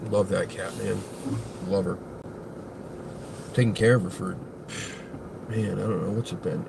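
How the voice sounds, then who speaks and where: A man's voice: on the low side, steady tone, unhurried, creaky, long pauses, over loud music. A man hosting his paranormal investigation show, chatting casually and thinking aloud to his viewers in a rambling way. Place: at home, partly outdoors by the pets' houses. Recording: noisy home recording.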